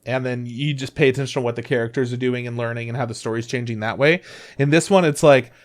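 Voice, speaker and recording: Brief: male podcast co-host, casual and animated, swears freely, peppers speech with fillers, mid-range voice. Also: medium pitch, fast. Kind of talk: casual chat about anime.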